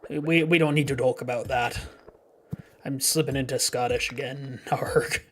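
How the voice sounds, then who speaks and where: A man's voice: medium pitch, steady tone, normal speed, a little hiss or hum. A man streaming a farming game, chatting casually and thinking aloud, with fillers and self-corrections. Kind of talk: casual live gameplay commentary.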